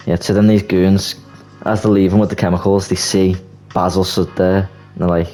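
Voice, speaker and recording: A young man with a low voice narrates a film idea in an animated, casual way. He stumbles and restarts as he gets excited. A soft music bed runs under him. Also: rough recording. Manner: animated storytelling, swearing, quick restarts. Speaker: YouTuber. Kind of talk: casual movie plot pitch.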